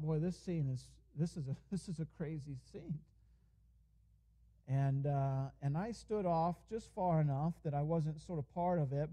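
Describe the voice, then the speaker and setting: A man preaching in a church, with a very dark, mellow tone that sits a little higher in pitch than most men's. He talks like an earnest pastor telling a story from the pulpit. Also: rough recording. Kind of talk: sermon. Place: church sanctuary.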